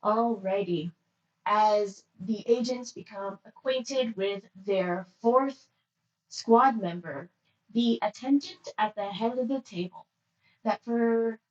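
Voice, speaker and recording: A woman running a tabletop game as game master, narrating in a measured, unhurried way. Her voice sounds roomy and a little distant from the mic. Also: medium pitch, a little mellow, dull audio.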